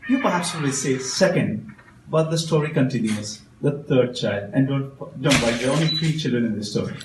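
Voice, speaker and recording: Man, motivational speaker, animated storytelling, emphatic phrasing, roomy hall. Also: medium pitch. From India. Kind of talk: storytelling speech to an audience. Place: event hall at a consulate. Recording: roomy hall with faint background noise.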